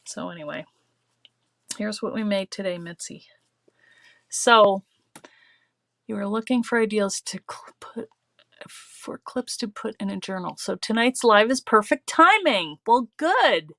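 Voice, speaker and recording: A woman's voice: mid-range voice, animated, measured pace, creaky, pauses often, a bit bright, no echo. A woman hosting a live crafting show. She chats casually and rambles, laughs often, and leans on "you know" while reading viewer comments. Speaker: host of a live craft stream.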